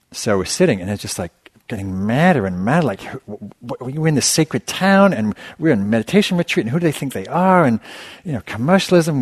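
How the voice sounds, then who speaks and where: Low-voiced man giving a dharma talk. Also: dry recording. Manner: relaxed storytelling with self-deprecating humor. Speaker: meditation teacher. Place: meditation center hall.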